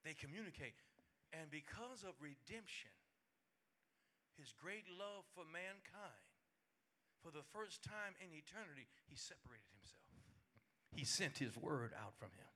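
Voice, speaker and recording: A man's voice: on the high side, unhurried, pauses often. A man preaching a midweek sermon as pastor, telling funny stories with acted-out voices and laughter in a folksy, colloquial way. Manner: animated storytelling with laughter and acted-out quotes.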